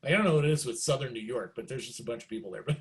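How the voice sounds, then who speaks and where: Rapid-fire in his delivery, this middle-aged musician recounts stories as an interview guest in a casual chat, performing the quoted lines with wide pitch leaps.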